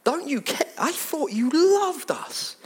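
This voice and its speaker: A man voicing terrified fisherman disciples who shout and plead in high, strained voices. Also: very animated, slow, full character voice. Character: terrified fisherman disciples, adult men, panicking.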